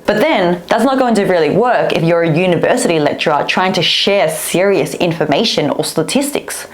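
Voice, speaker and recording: Lively woman speaking coach. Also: moderate pace, few pauses. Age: 30s. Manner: demonstrative, swoops pitch high and low to illustrate. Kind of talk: scripted teaching to camera.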